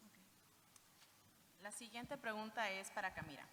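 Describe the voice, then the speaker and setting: A woman moderator reads audience questions to a panel at a measured pace. Her voice is bright and clear. The hall adds a long reverb over faint noise. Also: mid-range voice. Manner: measured, reading aloud. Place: conference hall.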